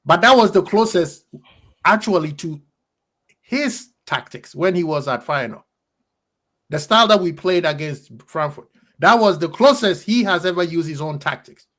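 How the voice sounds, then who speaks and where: A man's voice: fairly high pitch, lively intonation, moderate pace, a bit bright. A man hosting a heated fan debate on football, blunt and emphatic, hammering his points home. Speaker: football podcast host.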